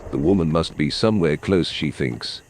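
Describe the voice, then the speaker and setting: A man telling a scripted story in a measured, dramatic way. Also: extremely low pitch, slight background noise. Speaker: storyteller narrating a game video.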